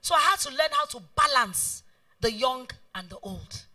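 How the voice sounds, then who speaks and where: A high, very bright woman's voice with a Nigerian accent, delivering a motivational talk. She is middle-aged and emphatic, leaning on repeated phrases, and she rises and falls widely in pitch. She is heard from some distance from the mic. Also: big pitch swings, moderate pace. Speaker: event planner and guest speaker. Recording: voice heard from far off.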